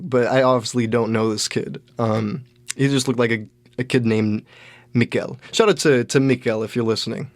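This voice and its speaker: A young man hosting a podcast, telling a rambling story with lots of restarts and animated bits. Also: medium pitch, normal speed, no room sound. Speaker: podcast host. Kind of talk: casual storytelling monologue.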